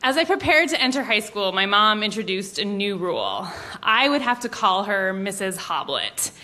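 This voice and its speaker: A woman from Montana telling a personal story live on stage, animated and self-mocking, acting out the quotes. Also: mid-range voice, moderate pace, a little hiss or hum.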